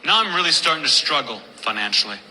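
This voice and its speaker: A man doing deadpan stand-up storytelling at a comedy venue, building to a dark punchline. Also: fairly high pitch, quick pace, slight background noise. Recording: live club recording, echoey with faint ambience.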